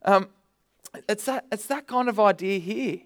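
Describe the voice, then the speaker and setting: A man's voice: high-pitched, unhurried. A man preaching a sermon, conversational with bursts of energy, often repeating words.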